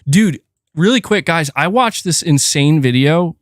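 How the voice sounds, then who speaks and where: A man with a somewhat higher voice hosts a gaming livestream in loose, chatty fashion, keeping the talk going while he coaxes his cat. He sits close to a desk mic in a dry, dead room with no echo. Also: expressive, measured pace. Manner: chatty, keeps breaking off to coax his cat. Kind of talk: casual live-stream chat.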